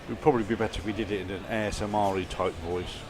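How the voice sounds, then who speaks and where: A man's voice: on the low side, fairly even intonation, very fast, background noise. A middle-aged man reading out viewer messages and teasing his co-hosts in casual chat. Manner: light, joking, teasing.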